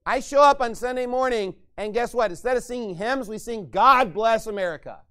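A man preaches from the pulpit in a heated rant, slipping into mocking voices to imitate others. His voice sits high and sounds clean and resonant. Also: brisk, pushed and bright, smooth. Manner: ranting, mocking impressions of others. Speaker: pastor. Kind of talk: sermon.

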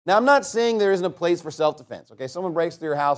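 High-voiced man preaching a blunt sermon. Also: lively intonation. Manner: blunt, emphatic preaching with swings between loud and quiet; reads scripture in slow, solemn tones. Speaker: pastor.

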